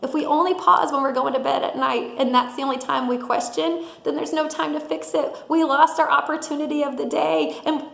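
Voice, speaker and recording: High, lively motivational woman speaker. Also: a little fast, gravelly, hardly any pauses. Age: middle-aged. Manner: energetic, laughs often, acts out quotes. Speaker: sales director giving a mindset talk. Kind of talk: motivational talk. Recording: roomy echo.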